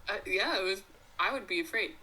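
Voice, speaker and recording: A woman's voice: medium pitch, a little fast, sharp tone, a little hiss or hum, low-quality recording. A young woman in her twenties co-hosting a podcast, chatting casually with lots of fillers and giggles. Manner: giggly, filler-heavy fan talk. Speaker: podcast co-host. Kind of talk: casual chat.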